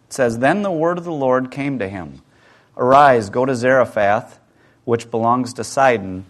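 A man delivers a sermon in a voice of middling pitch, animated and conversational. He fires rhetorical questions at his listeners and then sinks to a hushed tone to drive a point home. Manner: animated preaching with rhetorical questions and sudden drops to a hush. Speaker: pastor.

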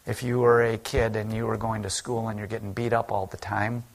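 At a church service, a pastor preaches earnestly and conversationally, acting out quoted speech. His voice is lowish and gravelly, level in tone and a little fast.

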